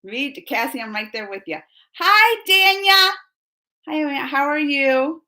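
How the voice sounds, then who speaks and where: Woman host, casual live-chat reader, giggly and chatty, high bright voice. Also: a little fast. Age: adult under 45. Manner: chatty, giggly, reads comments aloud. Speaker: reaction channel host reading live chat.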